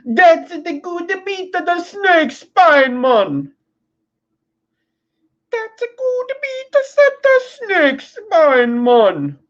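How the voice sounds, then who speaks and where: A woman's voice: fairly low pitch, extremely slow, hardly any pauses, muffled recording. A woman putting on a laid-back male character whose accent slides from Italian to Jamaican, drawling in a sing-song way.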